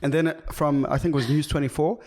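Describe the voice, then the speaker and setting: A man's voice: on the high side, steady tone, darkish tone. A young man, co-hosting a casual comedy podcast and cracking jokes at his own lines. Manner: jokey, quick asides, laughs at own lines. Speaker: podcast co-host.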